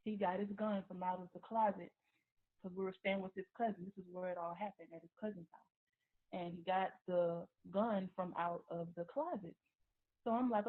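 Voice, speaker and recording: Halting woman's testimony on a tinny line. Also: medium pitch, steady tone. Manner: halting retelling with many restarts and repeated words. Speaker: woman sharing a personal testimony. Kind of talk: personal testimony. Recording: tinny phone-like recording.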